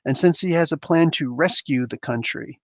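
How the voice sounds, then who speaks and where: Gravelly man chatting on a livestream. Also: a little high, normal speed, no room sound. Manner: rambling, chuckling, reacting to chat comments. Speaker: livestream host reading chat. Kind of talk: casual livestream chat.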